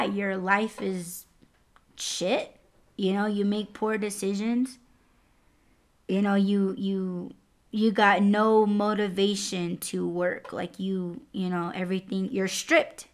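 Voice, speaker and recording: Woman, young adult, podcast host, slow deliberate talk, candid, profane, casual storytelling. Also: medium pitch. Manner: candid and profane, lively swings in loudness.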